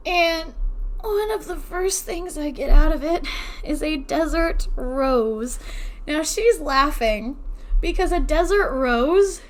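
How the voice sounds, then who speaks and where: A woman co-hosting a podcast in casual chat, excitable, swearing freely and laughing often. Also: high-pitched, slow pace, long pauses. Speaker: podcast co-host.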